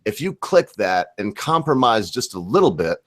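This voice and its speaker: A man's voice: on the low side, big pitch swings, moderate pace. A drunk man from Michigan hosting a casual livestream chat, crude and rambling. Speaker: livestream host.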